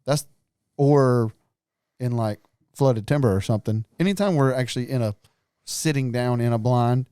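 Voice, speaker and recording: A man's voice: medium pitch, moderate pace, mellow, clean tone, dry recording, studio quality. A man co-hosting a hunting podcast, talking in a laid-back, casual way and laughing often. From North Carolina, US. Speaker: podcast co-host. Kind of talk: casual chat.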